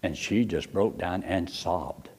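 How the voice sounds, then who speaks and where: A man preaching a storytelling sermon in a folksy, animated way, often chuckling and talking straight to the congregation. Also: low-pitched, slow, husky.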